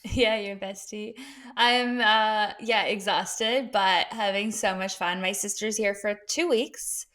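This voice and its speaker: A woman's voice: medium pitch, steady tone, slow, a bit bright. A woman co-hosting a podcast from her dining room at home, chatting casually with many fillers and frequent laughter. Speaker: podcast co-host. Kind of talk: casual chat.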